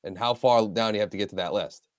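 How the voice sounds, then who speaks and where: A man's voice: lowish voice, fast talker, dry recording, clean studio sound. A man co-hosting a casual sports podcast in an easygoing, laid-back way. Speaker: podcast co-host.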